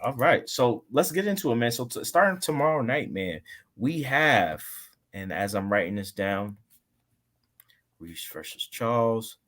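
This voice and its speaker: A man's voice: medium pitch, lively intonation, unhurried, fairly bright tone. A young man hosting a casual sports chat, laid-back, laughing often and tossing in "man" at the end of sentences. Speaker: podcast host.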